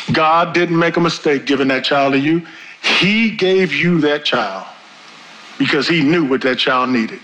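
A middle-aged male pastor preaching a sermon, with big swings in pitch and pace. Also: pushed and bright, a little hiss or hum, rough recording.

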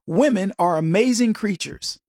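A man's voice: sits high, lively intonation, normal speed, darkish tone, no echo, clean studio sound. A man hosting an opinion commentary, talking straight to viewers in an emphatic way and often repeating words. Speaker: commentary host.

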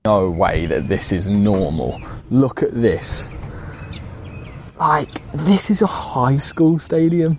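A man's voice: medium pitch, slow pace, slight background noise. A British man filming himself in a stadium, exclaiming in astonishment at its size. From Britain. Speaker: visitor filming a vlog clip. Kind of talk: amazed vlog commentary.

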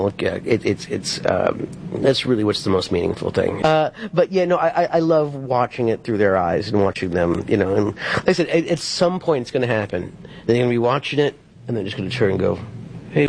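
A man's voice: lowish voice, animated, fairly quick, gravelly, a little mellow, slight background noise. A man in his forties telling a story as an interview guest, rambling with stammers and restarts. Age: 40s. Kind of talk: casual interview anecdote.

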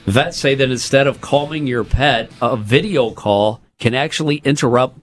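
A man co-hosting a casual morning radio show, reading news items and adding quick asides. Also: medium pitch, soft background music. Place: radio studio.

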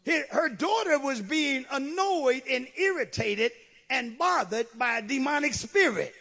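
A man preaching a fervent sermon, swinging from hushed asides to emphatic shouts and calling out to the congregation. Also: extremely high pitch, gravelly, breathy edge. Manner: calls out to the congregation. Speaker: pastor.

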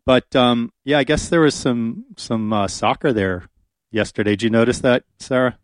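A man's voice: medium pitch, normal speed, no room sound, studio quality. A man hosting a radio talk show, talking casually and chattily with frequent fillers. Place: radio studio. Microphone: studio microphone.

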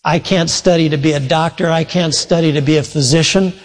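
Earnest preacher in a reverberant hall. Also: male voice, on the high side, fairly even intonation, brisk. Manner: earnest, retelling a story with quoted dialogue. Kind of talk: sermon storytelling.

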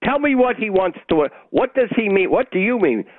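A man's voice: high voice, expressive, normal speed. An older man calling in to a talk radio show, blunt, agitated and argumentative. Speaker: caller. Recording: tinny phone line.

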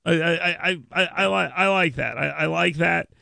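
A man's voice: fairly high pitch, moderate pace, gravelly, sharp tone, no echo. A man hosting a radio call-in show in a studio. He chats casually, rambles, repeats words and laughs often. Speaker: radio talk show host. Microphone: studio mic.

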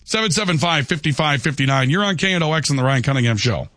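A man's voice: on the high side, animated, quick pace, pushed and bright, no room sound, studio quality. A man hosting a call-in radio talk show, talking conversationally and often tossing in "okay". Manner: conversational, peppers lines with "okay". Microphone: studio microphone.

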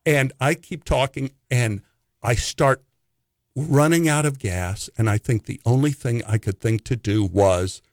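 A man spins a comic anecdote as a guest storyteller, acting out the people in his tale as he goes. His voice sits at an ordinary middle pitch. It is recorded close and dry. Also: a little slow, darkish tone, dry recording. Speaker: actor telling stories as a guest.

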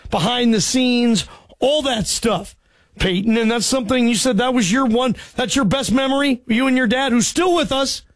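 High-voiced friendly sports radio host. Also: male voice, no echo. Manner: friendly, conversational.

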